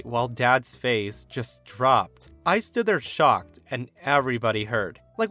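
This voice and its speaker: A man narrating online stories aloud to his listeners, expressive and emphatic, often calling them guys. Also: mid-range voice. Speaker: story narrator.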